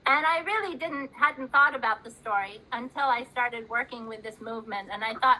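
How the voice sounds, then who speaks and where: A woman narrating a picture story to teachers, slowly and expressively, adding gasps and sound effects. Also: a little high, bright, forceful tone, low-quality recording. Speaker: storyteller and workshop presenter.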